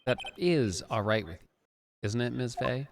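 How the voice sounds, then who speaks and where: A man's voice: mid-range voice, moderate pace, gravelly, very noisy, lightly acted. A man voicing a smug young prosecutor. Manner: sneering, formal courtroom diction. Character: smug young male prosecutor, condescending and cool. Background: game music.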